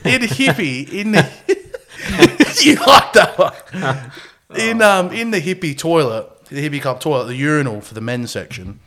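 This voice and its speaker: A man's voice: on the high side, animated, moderate pace, pushed and bright. A man hosting a podcast, telling a rambling story and laughing through his own anecdotes. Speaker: podcast host. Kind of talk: casual chat.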